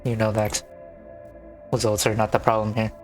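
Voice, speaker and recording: A man playing blunt, aloof young twin department heads from a game, reading their lines in a flat monotone. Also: lowish voice, normal speed, soft background music, close to an everyday voice. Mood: scolding. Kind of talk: gaming let's play, reading dialogue.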